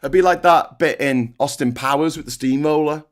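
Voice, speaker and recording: A British man hosting a political commentary livestream, animated and sarcastic, ranting with frequent restarts. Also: on the high side, normal speed.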